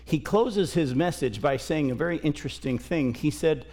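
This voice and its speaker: Middle-aged man preaching a folksy, conversational Bible sermon in a church, voice sitting a touch high. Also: animated, normal speed, darkish tone. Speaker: pastor. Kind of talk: sermon with scripture reading. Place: church sanctuary.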